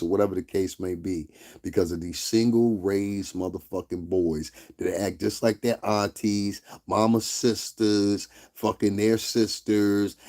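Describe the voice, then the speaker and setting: A man's voice: fairly low pitch, warm tone. A man hosting a livestream, delivering a blunt, heated rant full of profanity and repeated check-ins with his viewers. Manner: blunt, heated, profane, repeats "you understand what I'm saying". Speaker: livestream host.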